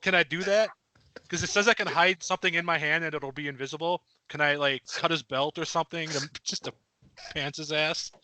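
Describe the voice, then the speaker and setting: Guy player in a tabletop game, bright sharp voice, dry close sound, kinda eager. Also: a little high, steady tone, a little fast, no room sound. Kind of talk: casual game chat.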